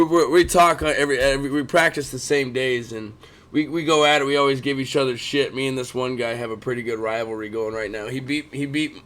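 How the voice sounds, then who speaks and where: A man in his thirties co-hosting a casual sports chat, talking fast and swearing often. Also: medium pitch. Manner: profane, animated, keeps complaining he yawns. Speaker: podcast co-host.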